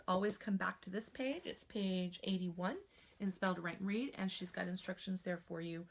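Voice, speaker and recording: An American woman teaching spelling in a live online class. She talks in a chatty, animated way and sometimes slips into playful silly voices. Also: on the low side, moderate pace, gravelly, slight background noise. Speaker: spelling trainer.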